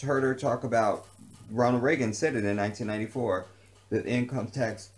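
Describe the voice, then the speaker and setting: Man, vlogger, unscripted rant, heated, profane, repeats phrases for emphasis, mid-pitched voice. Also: steady tone, a little fast. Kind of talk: unscripted ranting monologue.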